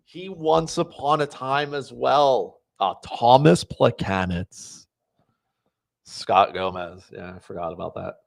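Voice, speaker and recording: A man's voice: low-pitched, fairly even intonation, takes it slowly, gravelly. A male podcast host thinking aloud on a live stream, playing a trivia game and talking to his chat. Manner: talks to chat.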